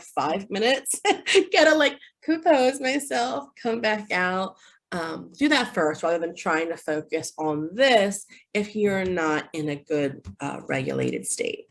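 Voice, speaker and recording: A woman in her thirties, a behavior analyst giving a casual parent workshop, chatty with lots of fillers and tag questions, acting out upbeat phrases for kids. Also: on the low side. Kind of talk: casual online parent training talk.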